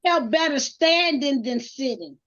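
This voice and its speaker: A high-pitched woman talks in a casual group chat on a dull, lo-fi recording. She sounds earnest, often stops to correct herself, and asks the others for honest feedback. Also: expressive, unhurried, fairly bright tone. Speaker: co-host. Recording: dull lo-fi audio.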